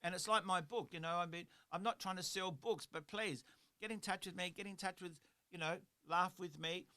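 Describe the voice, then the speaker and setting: A man's voice: sits high, steady tone, moderate pace, bright, forceful tone. A middle-aged man hosting a motivational radio chat in a studio, talking earnestly and repeating his points for emphasis. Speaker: radio show host.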